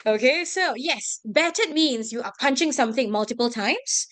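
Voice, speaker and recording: A woman's voice: high voice, expressive, normal speed, a bit bright, dry recording. A young woman teaching an English vocabulary lesson to a class, often checking whether students follow. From Singapore. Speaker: English tutor.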